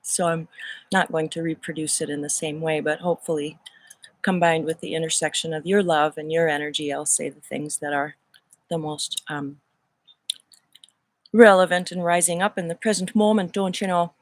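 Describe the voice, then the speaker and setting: A woman's voice: low voice, fairly even intonation, normal speed, dry recording. A woman in her fifties hosting a casual spiritual livestream talk in a playful, put-on Irish accent, musing and drawing out her phrases into the camera mic. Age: 50s. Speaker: host.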